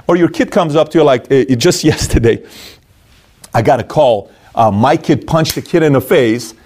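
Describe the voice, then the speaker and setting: A middle-aged man giving a motivational talk on handling conflict, animated and acting out the voices of people he quotes. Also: mid-range voice, normal speed. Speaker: motivational speaker.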